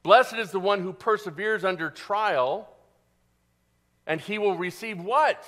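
A male pastor preaching a sermon, animated, asking the congregation questions and answering them himself. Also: sits high, unhurried.

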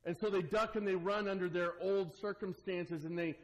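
Earnest and lively, this pastor moves between hushed, quiet asides and ringing emphasis as he delivers a sermon to his congregation. His voice is fairly high, his speed normal, and the recording is rough.

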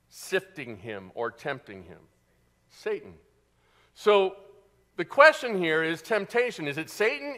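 A male pastor preaching a sermon, animated, asking the congregation questions and answering them himself. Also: fairly high pitch.

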